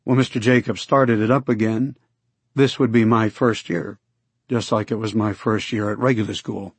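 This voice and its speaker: A man giving steady first-person scripted narration for an audiobook, close to the mic. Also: fairly low pitch, normal speed, slightly rough, no echo.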